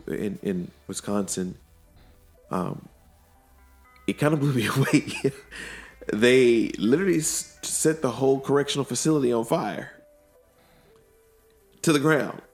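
A man's voice: medium pitch, darkish tone. A man hosting a podcast, earnestly retelling conversations with friends in casual chat.

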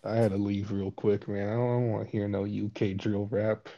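A man's voice: on the low side, level tone, fairly quick, creaky, mellow. An American man in casual chat, cracking crude, blunt jokes and swearing freely. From United States. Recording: dull lo-fi audio.

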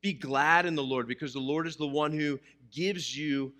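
A pastor with a slightly high, sharp-toned voice and moderate pace preaches to a live church congregation. He blends scripture with jokes and questions aimed at his listeners.

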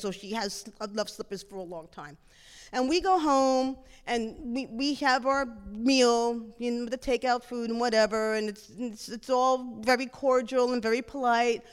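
Animated middle-aged woman telling a story. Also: fairly high pitch, moderate pace, clean tone, in a large hall. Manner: animated, lively, blurts out acted dialogue. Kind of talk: personal storytelling.

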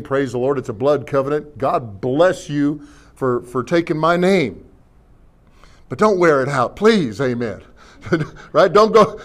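A middle-aged male pastor with a fairly high voice, preaching in a folksy, joking way. He keeps asking the congregation questions and punctuating his points with amens. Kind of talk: sermon.

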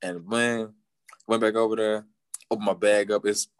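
A low-voiced man tells his story with lively animation, jumping high in pitch whenever he acts out what people said. He laughs often between lines. The sound is dry and close, with no room echo. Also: normal speed, clean tone. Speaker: football player guest.

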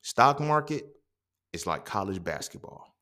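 Profane, animated young man telling stories. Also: unhurried. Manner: profane, streetwise storytelling with quoted dialogue; animated, jumps up in pitch when quoting. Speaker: podcast host. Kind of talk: casual monologue.

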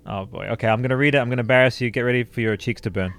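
A man hosting a podcast in casual chat, effusive and quick to burst into excited exclamations. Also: mid-range voice, smooth. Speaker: podcast host.

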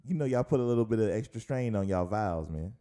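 Mellow-voiced chatty podcast co-host man. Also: lowish voice, lively intonation, fast talker. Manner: chatty storyteller, laughs often. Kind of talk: casual podcast banter.

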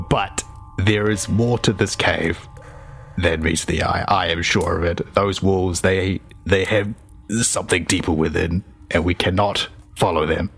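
A man playing a gravelly goblin troop leader. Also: sits low, fairly even intonation, a bit bright, full character voice. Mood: ominous. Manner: slow, halting, with laughing breaks.

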